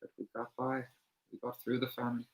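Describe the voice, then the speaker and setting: A man's voice: mid-range voice, monotone, fairly quick, low-quality recording. A man who is a guest on a livestream, chatting casually and making dry, laid-back jokes. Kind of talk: casual chat.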